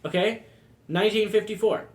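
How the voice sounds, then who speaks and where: Male co-host, a bit high-pitched, roomy echo, faint hiss behind, jokey fact reader. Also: brisk, over a noisy crowd. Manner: jokey, reads facts off a page with fillers. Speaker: podcast co-host. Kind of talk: casual podcast chat. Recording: echoey room with faint background noise.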